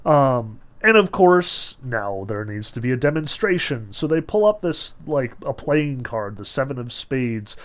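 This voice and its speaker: A man lecturing casually on a novel, reading passages aloud between loose, filler-heavy explanations with animated emphasis. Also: medium pitch, a little slow, few pauses. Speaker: literature lecturer.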